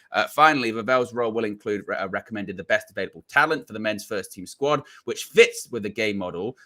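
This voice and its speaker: A man's voice: fairly low pitch, bright, forceful tone. A man hosting a chat show, running through news items, then chatting and laughing with his co-host. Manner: reads news then chats with frequent laughs. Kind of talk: news rundown and casual chat.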